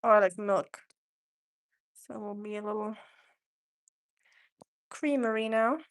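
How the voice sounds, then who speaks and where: A woman's voice: mid-range voice, fairly even intonation, slow. A young woman hosting a casual cooking live stream, chatting with viewers and reading their messages aloud, from Germany. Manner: chatty, reads chat aloud, frequent ums.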